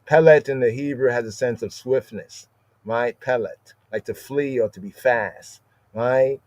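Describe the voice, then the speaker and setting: A man teaches scripture on a podcast in a loose, informal style, his mid-range, darkish voice keeping a measured pace. He repeats key words and tags nearly every point with "right?", and the audio is dry and slightly dull.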